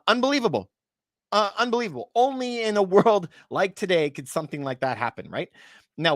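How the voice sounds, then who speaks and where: A man's voice: a little high, fairly bright tone, no echo, clean studio sound. A man in a casual monologue, explaining the economy to his viewers with rhetorical questions and now and then a short laugh at the absurd parts. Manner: chatty, rhetorical questions, addresses viewers as you guys; laughs at points he finds absurd. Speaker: real estate and market commentator.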